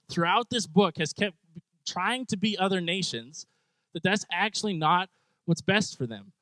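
A man giving a casual devotional talk, animated and joking, with self-deprecating humor. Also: high voice, no room sound, poor audio. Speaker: Bible teacher.

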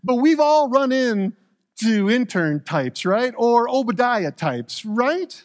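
A male pastor preaching a relaxed sermon with playful, joking asides. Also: very high-pitched, takes it slowly.

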